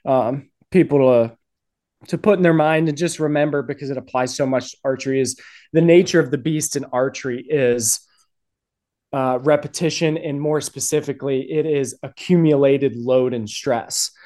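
A man's voice: mid-range voice, moderate pace, mellow. A man, a guest coach on a podcast, explaining training ideas in an earnest, step-by-step way, often repeating words as he thinks. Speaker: guest archery strength coach. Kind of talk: podcast conversation.

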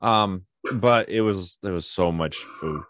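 A young man co-hosting a podcast in casual chat, telling family stories with animation and acting out his toddler in high voices. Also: unhurried, a bit bright, dry recording, clean studio sound. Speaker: podcast co-host.

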